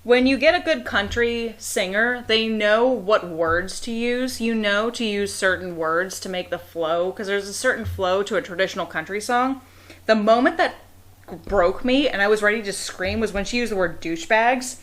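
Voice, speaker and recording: A young woman from the Pittsburgh area with a Pittsburgh accent, a guest on a casual podcast, talking in an animated way with quick asides and laughs. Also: mid-range voice. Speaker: guest reviewer.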